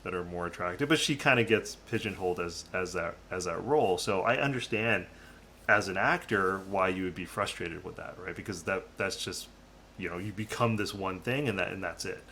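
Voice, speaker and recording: A man with a low-set, bright and forceful voice talks through his opinions in a relaxed podcast review. He hedges as he goes and keeps checking in with "right?". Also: fairly quick, slight background noise. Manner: hedging, tags statements with "right?". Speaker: podcast co-host. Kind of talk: casual review chat.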